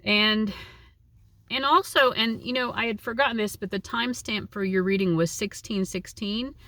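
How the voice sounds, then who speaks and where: A woman's voice: mid-range voice, normal speed, sharp tone, dry recording. A woman giving a casual, chatty tarot reading, with a lot of likes and you knows. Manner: chatty, uses many fillers. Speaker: tarot reader.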